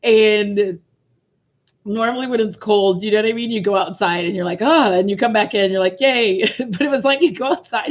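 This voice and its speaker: A woman chatting casually with viewers on a livestream, tearful and laughing, swearing freely. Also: medium pitch. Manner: emotional, laughing through tears, swearing freely. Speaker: vlogger.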